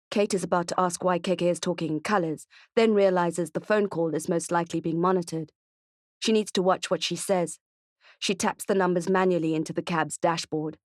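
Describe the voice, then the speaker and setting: A woman narrating a thriller audiobook in an even, measured storytelling manner. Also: lowish voice, no echo, studio quality.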